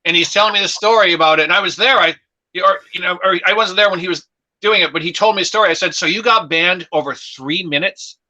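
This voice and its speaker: A man's voice: sits high, quick pace, pushed and bright, poor audio. A man, a comedian guest, telling chatty stories in a casual conversation. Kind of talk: casual storytelling chat.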